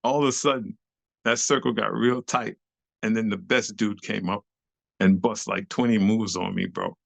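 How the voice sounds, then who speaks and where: A middle-aged man, a club dancer telling a lively, slangy story as an interview guest and acting out the voices of the people in it. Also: fairly low pitch, moderate pace, creaky, dry recording. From New York City. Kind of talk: animated storytelling.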